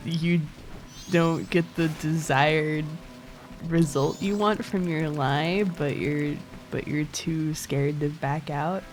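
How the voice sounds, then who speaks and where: Game music plays as a young woman streams a video game and chats in a rambling, giggly way, swearing casually. Her voice is lowish with lively intonation, and she takes her time.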